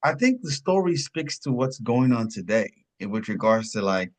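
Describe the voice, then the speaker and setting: A man's voice: mid-range voice, sing-song, moderate pace. A man co-hosting a casual film review podcast over a video call, rambling and tacking on "and stuff like that.". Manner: rambling, often adds "and stuff like that". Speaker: podcast co-host.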